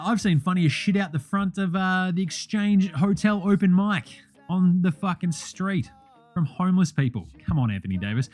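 Sweary Australian basketball podcaster. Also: male voice, high-pitched. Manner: blunt, sweary, ranting. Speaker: podcast host. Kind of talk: profane basketball commentary.

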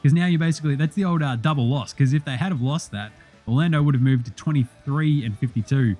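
A young Australian man hosting a sports podcast, rattling through results in a profane, excitable, joking way. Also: medium pitch, fast talker, soft background music. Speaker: podcast host.

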